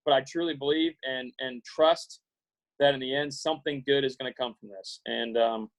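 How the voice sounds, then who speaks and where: A man in his forties from Iowa, giving an earnest, halting pep talk to students on a video call, with many fillers and restarts. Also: medium pitch, steady tone, low-quality recording. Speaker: guest speaker.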